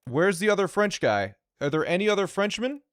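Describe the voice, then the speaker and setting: A man streaming a puzzle game, thinking aloud in live commentary, excited and quick to repeat himself. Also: sits high, clear, resonant tone, no room sound, studio quality.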